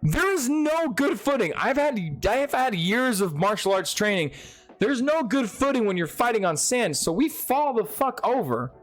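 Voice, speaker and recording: A young man talks straight into his camera, telling a story in a loose, swear-laden rush. His voice swoops up and down with lively energy. Faint music plays quietly underneath. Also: very high-pitched, normal speed. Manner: profane, excitable, lively storytelling. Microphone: speaking to a camera.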